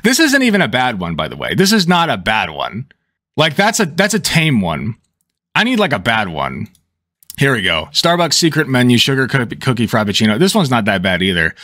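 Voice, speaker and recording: A man's voice: medium pitch, a little fast, no echo, studio quality. A man giving casual reaction commentary, cursing freely and laughing often as he rambles. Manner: animated, profane, laughs often.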